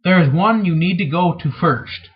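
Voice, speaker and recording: A man reading as a calm, commanding young woman leader. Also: sits high, normal speed, breathy edge, highs cut off.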